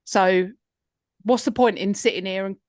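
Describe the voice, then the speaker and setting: A woman in casual podcast chat, agreeable and encouraging. Her voice sits at a middle pitch, and the recording is close and dry. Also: normal speed, a little mellow, no echo. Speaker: podcast co-host.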